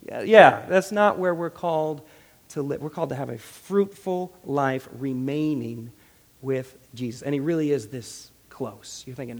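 A man preaching a sermon with animated delivery, jumping between loud emphasis and hushed asides, voicing quotes with character. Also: medium pitch, normal speed, long reverb tail. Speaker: pastor.

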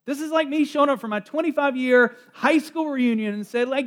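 A middle-aged man preaching a sermon as pastor, animated and joking as he acts out the voices of townspeople. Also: very high voice, a little fast, hardly any pauses.

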